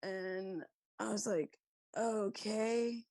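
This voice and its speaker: Woman, podcast guest, candid reflective chat, medium pitch, dry recording. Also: measured pace, a little mellow, no room sound. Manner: candid, reflective, many "like" fillers. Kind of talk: casual conversation.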